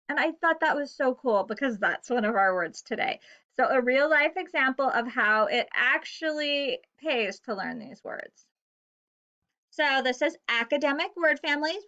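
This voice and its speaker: A woman teaches a recorded reading lesson from home, pacing her words slowly and spelling things out for young pupils. Her voice sits high and sounds bright. The recording is dull and lo-fi. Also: animated. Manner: slow, clear, encouraging teacher talk to young pupils.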